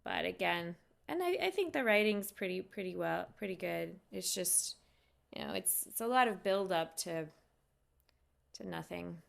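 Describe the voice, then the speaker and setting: A woman who teaches yoga, chatting casually with viewers on a live stream, unhurried and loose with fillers and restarts. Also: lowish voice, expressive, creaky.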